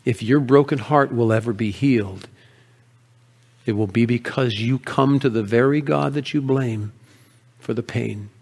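A man voicing a faithful, grieving woman of ancient Bethlehem who rebukes sharply and speaks tenderly in a hushed voice. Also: mid-range voice, measured pace, vocal fry, husky, in a large hall, voice pushed down.

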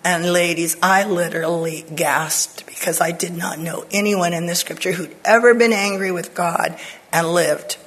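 An older woman Bible teacher giving an earnest personal testimony to women, dropping to soft whispers for emphasis. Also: fairly low pitch, steady tone, moderate pace, slight background noise, poor audio.

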